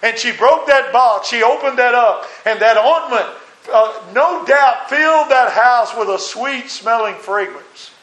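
Preacher man, earnest and folksy, high voice, echoey church. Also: unhurried, fairly bright tone. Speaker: pastor. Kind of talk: sermon. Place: church sanctuary.

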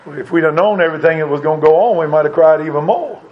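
Middle-aged male preacher, fervent, high tenor voice, dull low-fi sermon recording. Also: fast talker. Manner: fervent preaching, swelling louder and higher on key lines.

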